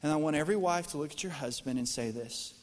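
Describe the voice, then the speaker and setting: An American man preaching a sermon as pastor, talking to the congregation in a lively, conversational way with jokes. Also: fairly high pitch, fast talker. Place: church auditorium. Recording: long reverb from a church hall.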